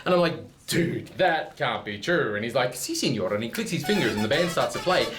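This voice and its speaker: A man's voice: mid-range voice, big pitch swings, a little fast, music in the background, close to an everyday voice. A man with an Australian accent rambling through a wild comedic story full of slang. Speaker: client telling a story. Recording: roomy echo.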